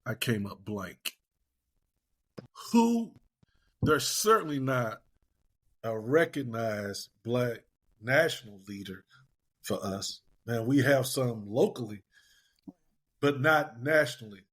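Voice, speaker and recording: A man's voice: medium pitch, animated, slow pace, pauses often, a bit bright. An older man speaking as a guest on a podcast panel, reflective and plain-spoken, calling himself a pessimist. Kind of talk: panel discussion.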